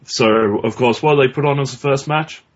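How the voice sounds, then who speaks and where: A man's voice: medium pitch, moderate pace. A man co-hosting a podcast in casual chat, blunt and profane, rambling with restarts. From Australia. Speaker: podcast co-host. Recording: dull lo-fi recording.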